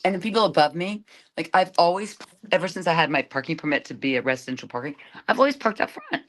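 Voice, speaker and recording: A woman's voice: on the low side, animated, fast. A woman hosting a podcast, venting in an irritated, casual way. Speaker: podcast host. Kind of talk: casual chat.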